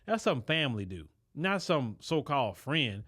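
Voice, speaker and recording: A man's voice: medium pitch, big pitch swings, normal speed, fairly bright tone, breathy edge. A man hosting a show and reacting to a story with blunt, opinionated commentary full of rhetorical questions. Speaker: show host giving commentary.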